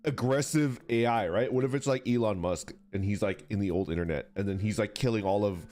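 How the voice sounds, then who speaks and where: A man streaming, chatting casually with viewers, rambling and swearing through animated rants. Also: lowish voice, fairly quick, faint music behind. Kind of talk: casual chat reacting to viewers.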